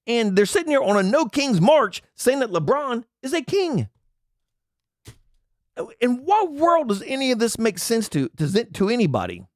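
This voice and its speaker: A man's voice: extremely high pitch, no room sound, studio quality. A man hosting an angry political commentary, reading out items and mocking them with indignant rants. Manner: indignant ranting, reads out items and mocks them. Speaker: commentary channel host.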